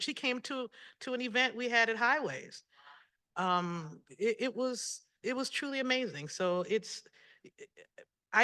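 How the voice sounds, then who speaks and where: A man with a high, bright voice tells a personal story on a community panel. He speaks earnestly and thoughtfully, often stopping and restarting mid-sentence. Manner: halting, reflective, earnest.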